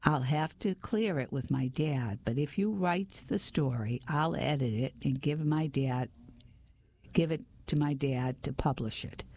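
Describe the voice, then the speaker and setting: A reader voicing a calm, helpful young man on the phone in an audiobook, with a husky voice. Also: mid-range voice, a little slow. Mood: friendly. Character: young man, friendly boyfriend and editor. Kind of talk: audiobook reading.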